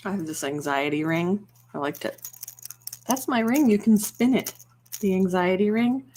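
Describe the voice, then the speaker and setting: A young woman chatting casually and rambling a little, soft-spoken and quick to laugh. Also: medium pitch, slight background noise. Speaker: ASMR channel host. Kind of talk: casual chat on a livestream.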